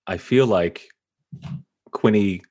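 A man playing in a tabletop role-playing game, speaking in a measured, playful way. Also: on the low side, mellow. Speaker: player. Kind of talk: tabletop role-play discussion.

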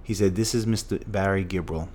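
Deep-voiced man telling his story. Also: a little fast, darkish tone, a little hiss or hum. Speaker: guest. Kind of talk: storytelling in a podcast interview.

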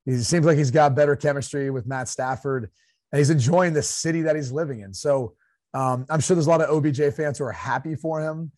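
A man's voice: on the high side, fairly quick, darkish tone, no room sound, clean studio sound. A man from Ohio co-hosting a sports podcast in casual chat, laughing often and breaking into impressions of coaches.

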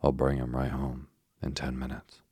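A man voicing a blunt, scornful young boy who talks briskly and grumbles. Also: rumbling low, monotone, mellow, husky, no echo, heavily acted.

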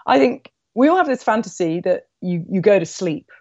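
A woman author being interviewed on a podcast, speaking in a thoughtful, measured way. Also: medium pitch, very animated, a little mellow, no room sound, dull audio. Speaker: author guest. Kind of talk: conversational interview.

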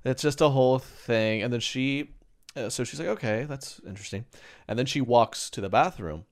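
A man's voice: medium pitch, normal speed. A young man co-hosting a podcast, telling stories casually and acting out quotes from people. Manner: animated storyteller, acts out quotes. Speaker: podcast co-host. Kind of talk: casual chat.

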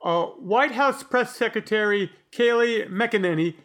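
A man's voice: sits high, a little slow, fairly bright tone. A man voicing a flustered, stammering male newspaper reporter.

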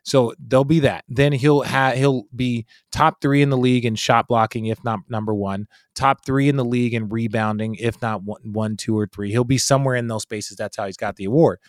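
A man hosting a casual sports chat, talking in an animated, emphatic way and swearing freely. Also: mid-range voice, moderate pace, hardly any pauses, no echo, clean studio sound.

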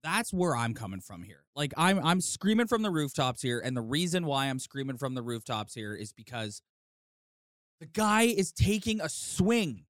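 A man co-hosting a sports podcast goes on a heated rant in rapid bursts. His voice sits at an ordinary middle pitch. The recording is dry and close. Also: big pitch swings, fairly bright tone, no room sound. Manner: heated, ranting, quick bursts. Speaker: podcast co-host. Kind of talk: casual sports chat.

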